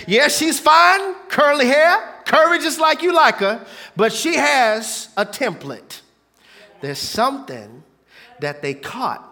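A man in his thirties preaching a sermon as pastor, swinging between hushed asides and shouted points with the congregation. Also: sits high.

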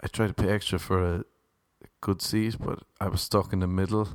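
A man's voice: deep voice, little pitch movement, moderate pace, no echo. A man casually telling his viewers a profane, ranting story. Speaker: vlogger.

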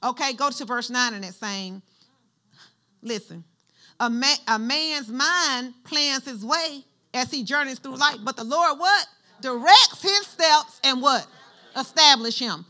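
A woman's voice: sits high, unhurried, sharp tone. A woman pastor preaching a sermon in church, using call-and-response and having the congregation finish her lines.

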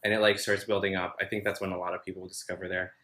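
A man hosting a casual interview chat about singing, enthusiastic and full of quick interjections. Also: low voice, little pitch movement, pushed and bright. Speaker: podcast host. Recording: roomy echo.

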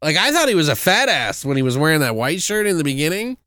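A young man rambles through a profane movie recap, laughing at his own jokes. His voice is bright and swings widely in pitch. The recording is dry and close. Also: big pitch swings, fast talker, clear, resonant tone, dry recording. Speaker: podcast co-host reviewing a movie. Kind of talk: casual chat.

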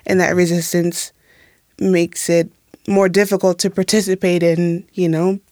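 A woman's voice: on the low side, flat delivery, a little slow, warm tone, no room sound, clean studio sound. A young woman from Tacoma, a guest in a roundtable, speaking earnestly and posing questions to herself as she reasons. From Tacoma, United States. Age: young adult. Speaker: alumna guest. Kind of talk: reflective roundtable conversation.

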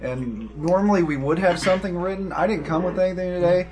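A young man co-hosting a podcast, talking in a relaxed and thoughtful way with frequent restarts. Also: high voice, fast talker. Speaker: podcast co-host. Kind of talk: casual chat.

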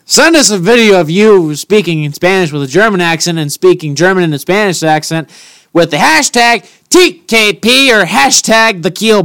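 A man's voice: on the high side, fairly bright tone. A man co-hosting a podcast, joking and teasing in casual banter. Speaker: podcast co-host. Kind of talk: casual chat.

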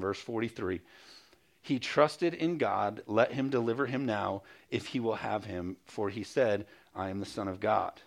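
A male pastor preaching a sermon, reading scripture aloud and calling for amens, with quick mocking asides. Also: fairly low pitch, creaky.

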